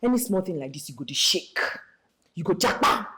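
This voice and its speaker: A woman's voice: fairly low pitch, lively intonation, a little fast, sharp tone. An actress with a Nigerian accent playing a mocking young woman who taunts her friend in English and Pidgin. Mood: taunting. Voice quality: sneering, mixes English and Pidgin.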